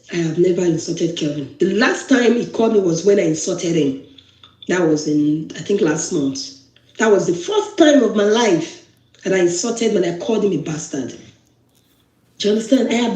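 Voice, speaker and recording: A woman with a Nigerian English accent tells her own story in an earnest, repetitive way, quoting what was said to her. Her voice is mellow and dark-toned. The recording has a noticeable room echo. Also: mid-range voice. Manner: earnest, repetitive retelling with quoted dialogue. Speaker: guest telling her story. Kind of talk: personal testimony. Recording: echoey room.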